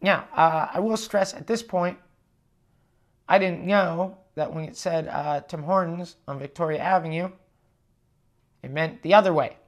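A man's voice: a little high, unhurried, long pauses. A man, a touring comedian, telling a story casually on his podcast, cursing freely and acting out both sides of the dialogue. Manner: profane, animated retelling with quoted dialogue.

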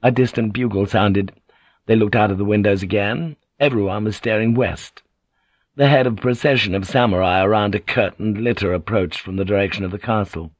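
A man reading a novel aloud as narrator, in steady, even storytelling. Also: lowish voice, fairly quick, dry recording. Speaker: audiobook narrator. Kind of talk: scripted narration.

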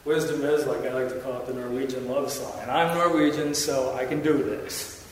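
Joking pastor in an echoey church. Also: male voice, mid-range voice, fairly even intonation, normal speed. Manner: joking, self-mocking asides to the congregation; emphatic, building repetition. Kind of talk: sermon. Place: church sanctuary. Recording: echoey church hall from far off, faint noise.

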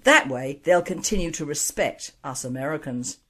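Boastful american president guy read out by a woman, low voice that swings a lot. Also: lively intonation, moderate pace. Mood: dismayed.

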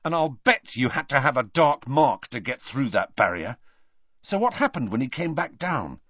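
A man's voice: mid-range voice, big pitch swings, normal speed, a bit bright, dry recording, muffled recording, pitched above the performer's own voice. A man voicing a teenage boy who speaks savagely and bitterly.

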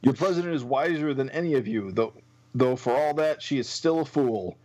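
A man's voice: mid-range voice, moderate pace, darkish tone, close to an everyday voice, poor audio. Man doing a gloating comic-book supervillain, grandiose, menacing, lightly played, conversational podcast read. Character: scheming vengeful male villain threatening Earth.

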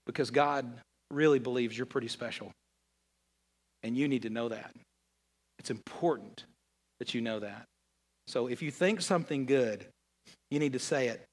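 A man, preaching a sermon as pastor and swinging from hushed to loud, emphatic lines. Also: fairly high pitch. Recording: long hall reverb.

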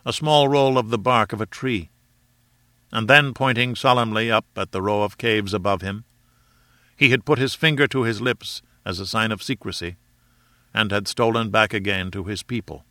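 A man narrating an adventure novel in a measured storytelling manner. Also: fairly low pitch, bright, forceful tone, no room sound, studio quality. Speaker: audiobook reader. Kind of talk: scripted narration.

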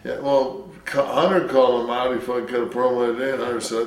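A man's voice: mid-range voice, little pitch movement, quick pace, hardly any pauses. A man from Detroit telling rambling stories in casual, profane chat, swearing constantly. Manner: rambling, heavy swearing, storytelling. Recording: roomy sound from a distance with faint noise.

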